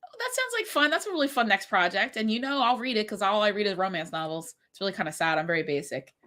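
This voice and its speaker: Streaming from home during a writing sprint, this middle school French teacher in her forties rambles through stories, using lots of filler words. Her voice is mid-range, a bit bright, animated and fast, and sounds congested.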